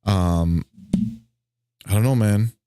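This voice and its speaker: Excitable male podcast co-host. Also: fairly low pitch, takes it slowly, smooth, dry recording. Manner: excitable, reads news items with fillers. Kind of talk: casual gaming news chat.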